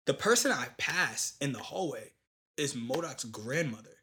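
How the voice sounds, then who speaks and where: A young man in casual chat, telling a long story in animated, slangy talk with lots of fillers. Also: mid-range voice, normal speed.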